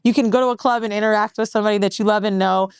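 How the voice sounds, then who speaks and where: A woman co-hosting a podcast, telling a long story in casual, profane chat with lively voiced quotes. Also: medium pitch, very fast, clean tone, no room sound, studio quality. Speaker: podcast co-host.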